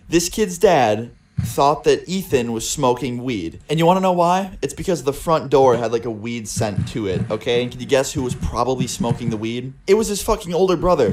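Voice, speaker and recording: Young male vlogger, mid-pitched, swearing freely in a casual storytelling chat. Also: a little mellow, slight background noise. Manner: casual and profane, with a lot of filler words.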